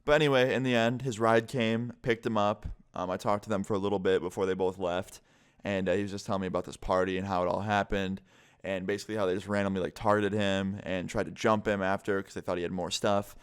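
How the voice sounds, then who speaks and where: A young man tells a scary story straight to camera in a casual vlog. His voice sits a little low and comes across smooth and clear. He swears freely and fills his sentences with "like.". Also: level tone, fast. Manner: casual, heavy swearing, lots of "like". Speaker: vlogger.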